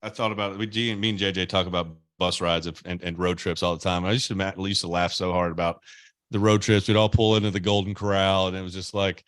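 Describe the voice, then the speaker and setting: Bright, dry-sounding young man. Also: deep voice, fast talker, no room sound. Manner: animated, swears, laughs often. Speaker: podcast host, former player. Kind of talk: casual podcast chat.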